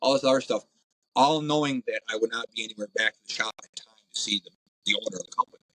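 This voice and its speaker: A man, a podcast guest, telling crude, blunt stories in a casual, animated way. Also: on the low side, fast, no echo, low-quality recording. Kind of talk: profane casual storytelling.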